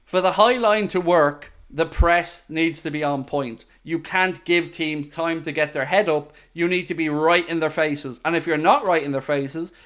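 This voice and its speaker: Bright-toned man hosting a football watchalong. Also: a little high, normal speed, few pauses. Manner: chatty, reads out viewer messages and gives tactical opinions. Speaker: football channel host. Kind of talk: casual live watchalong chat.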